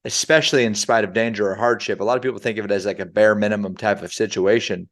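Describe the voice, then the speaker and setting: A man with a fairly low voice gives a motivational talk to his sales team. He speaks conversationally and stops to unpack the meaning of words, with his pace shifting often. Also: fairly even intonation, quick pace, a bit bright.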